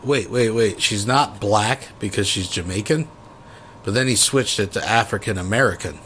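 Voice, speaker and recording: Low-voiced skeptical male commentator. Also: normal speed, a bit bright, a little hiss or hum. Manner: skeptical, interrupting to rebut. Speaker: commentary channel host. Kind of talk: reaction commentary.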